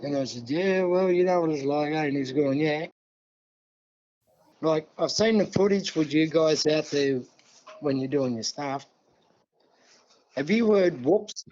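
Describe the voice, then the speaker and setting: A man's voice: a little high, unhurried, pauses often, a little mellow. Older Australian man yarning a story. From New South Wales, Australia. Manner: yarning, acts out dialogue, many "see?" and "mate". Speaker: guest elder. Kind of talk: casual storytelling interview. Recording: dull lo-fi sound.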